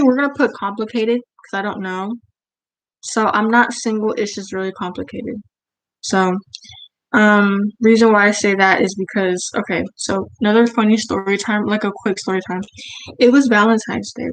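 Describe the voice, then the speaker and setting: A teenage girl talks at home while she draws, telling a casual storytime vlog. She rambles and leans on fillers, and she often puts herself down with a laugh in her voice. Her pitch sits in the middle range. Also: no echo, poor audio. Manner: rambling, filler-heavy, self-deprecating. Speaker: vlogger. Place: at home, indoors.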